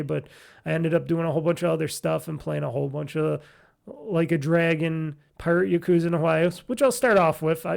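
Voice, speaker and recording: A man hosting a casual solo gaming podcast, talking in a rambling way full of fillers and restarts, with a nasal, stuffy, tired voice. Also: on the high side. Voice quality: nasal, gravelly. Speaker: podcast host.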